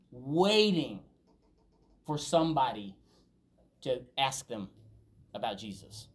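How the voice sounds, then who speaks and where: A man preaching a sermon as a pastor, talking conversationally and telling stories, building to emphatic peaks. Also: mid-range voice.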